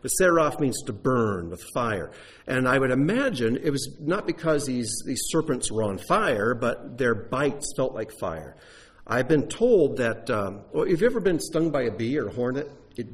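Husky, animated male Bible teacher. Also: medium pitch. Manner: animated, conversational teaching with rhetorical questions. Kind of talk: sermon.

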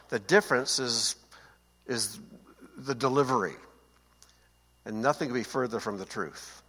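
A man's voice: on the low side, pushed and bright. A man giving a conversational Bible teaching, often checking that his listeners follow. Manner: conversational, asks listeners to confirm. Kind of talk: seated Bible teaching talk. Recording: long hall reverb.

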